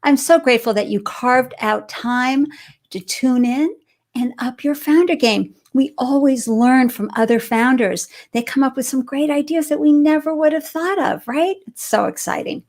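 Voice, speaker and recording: A bubbly woman from Boston hosts a live-stream interview show, effusively welcoming her viewers and guest. Her pitch is fairly high.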